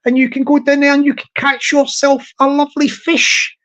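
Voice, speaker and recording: A man's voice: very high voice, level tone, moderate pace. A man hosting a casual chat to his viewers, rambling, repeating words and hunting for the right ones, with frequent chuckles. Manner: chuckles often, jokingly mimics shouted lines. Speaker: YouTube channel host. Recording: dull lo-fi audio.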